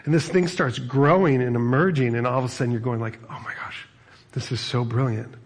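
A man's voice: mid-range voice, brisk. Conversational man preaching a sermon. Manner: conversational, animated storytelling with asides. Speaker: pastor.

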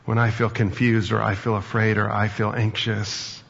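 Male pastor, mid-pitched, gravelly and husky, casual sermon delivery, dull lo-fi recording. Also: little pitch movement, normal speed, fairly bright tone. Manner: conversational preaching with anecdotes and fillers.

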